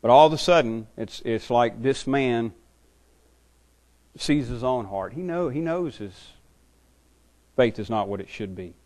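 A man's voice: mid-range voice, expressive, measured pace, pauses often, darkish tone. A man preaching a sermon as a pastor, earnest and often repeating words as he builds his points.

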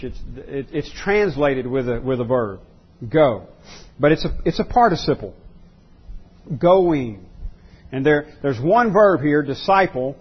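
A male pastor preaches a sermon in a husky, slightly higher voice, often stumbling and starting over. He repeats key words to drive his point home, and the recording is dull and lo-fi.

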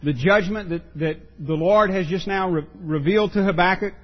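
A man's voice: high voice, moderate pace. Earnest preacher man, muffled recording. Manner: earnest, emphatic, repeats words while preaching. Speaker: pastor. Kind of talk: sermon.

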